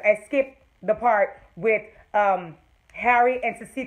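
A woman giving an excited, casual recap of a TV episode, swearing freely and breaking into loud squeals of delight. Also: mid-range voice, a little slow, low-quality recording. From Jamaica. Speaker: TV episode reviewer.

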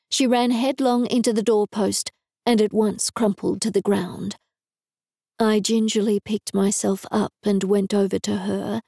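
A woman's voice: mid-range voice, gravelly, warm tone, no room sound. A woman reading a first-person novel aloud in a dry, wry manner, recorded close to a studio mic. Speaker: audiobook narrator. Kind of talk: scripted narration.

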